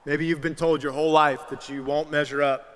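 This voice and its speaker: A young adult man preaching a sermon in a large church, telling stories in a relaxed, conversational way and putting on the voices of the people he quotes. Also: a little high, fairly quick. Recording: reverberant hall with music underneath.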